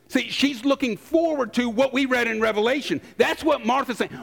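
A man preaching a sermon, emphatic, acting out quotes and pausing for effect. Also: sits high, vocal fry. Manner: emphatic, acts out quotes, dramatic pauses.

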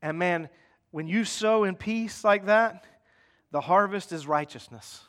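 Speaking unhurriedly in a high, fairly bright voice, this male preacher delivers a conversational sermon. He keeps checking in with the congregation and mimics their complaints in mock voices.

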